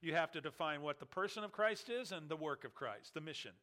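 A man's voice: fairly high pitch, animated, brisk, sharp tone. A man preaching an expository sermon as a pastor, emphatic and full of rhetorical questions.

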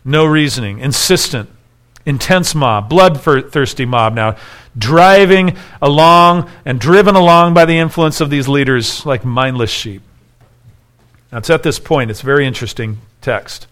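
A pastor preaches an expository sermon, reading scripture aloud and explaining it, growing more intense when he voices the people in the text. His mid-range voice is animated, unhurried and a bit bright.

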